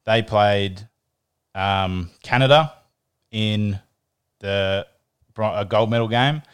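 A man's voice: on the low side, takes it slowly, clean tone. A man co-hosting a sports podcast, chatting casually and often repeating words as he thinks. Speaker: podcast co-host.

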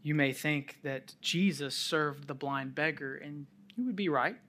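A man preaching a sermon, telling a scripture story with sudden drops to a near-whisper and rises to loud calls, with chuckling asides. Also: fairly high pitch, a little slow. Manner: chuckles while making light asides.

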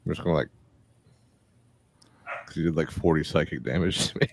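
A man playing in a tabletop game, wry and joking, with a deadpan delivery. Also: extremely low pitch, brisk, a little hiss or hum. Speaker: player. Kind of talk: casual tabletop play.

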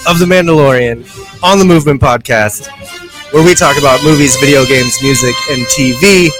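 Podcast host, male, giddy and breathless, drifts into soft mumbled asides. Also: on the high side. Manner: excitable, breathless, trails off quietly. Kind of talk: casual podcast chat.

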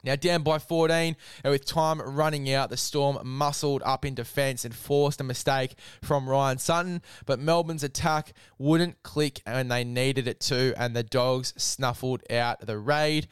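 A man's voice: mid-range voice, steady tone, a little slow, few pauses, clean tone, dry recording. A man hosting, giving a casual sports recap and chatting, dropping "mate" into most sentences. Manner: chatty, says "mate" often. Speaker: host.

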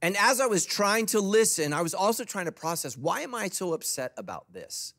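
A man's voice: sits high, very animated, fairly quick, a bit bright. A middle-aged man preaching a sermon as a pastor, humorous and conversational.

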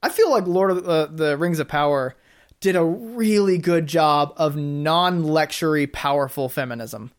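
A man's voice: on the high side, measured pace, smooth. A man co-hosting a podcast in casual chat, hesitant, filling his talk with "like" and restarts. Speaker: podcast co-host.

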